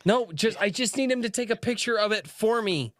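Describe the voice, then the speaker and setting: High, bright-voiced teasing podcast host. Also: male voice, expressive, fairly quick, no room sound, clean studio sound. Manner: teasing, crude, laughing. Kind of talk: casual podcast chat.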